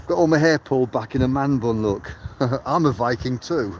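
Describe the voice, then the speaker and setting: A man's voice: medium pitch, normal speed, hardly any pauses, heavy background noise. An English man walking outdoors through a churchyard and chatting cheerfully to live viewers, greeting them by name, a little out of breath. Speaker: vlogger on a live walk. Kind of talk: casual live-stream chat.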